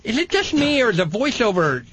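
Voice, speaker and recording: A man's voice: very high voice, sing-song, brisk, a bit bright, a little hiss or hum, pitched above the performer's own voice, exaggerated voice. A man putting on the voice of a fussy male acting teacher with a lisp. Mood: complaining.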